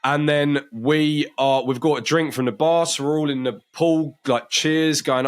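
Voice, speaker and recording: A man's voice: on the high side, steady tone, measured pace, hardly any pauses. A young man co-hosting a podcast, telling a story in a rambling, wry way that often breaks off and restarts. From Britain. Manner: rambling, self-interrupting, wry. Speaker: podcast co-host. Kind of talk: casual chat, storytelling.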